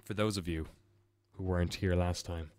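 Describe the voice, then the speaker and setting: A man's voice: low-pitched, steady tone, moderate pace, a little mellow, no room sound. A man hosting a casual let's play, joking irreverently and reading scenes aloud. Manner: joking, irreverent, laughs often. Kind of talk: casual gameplay commentary.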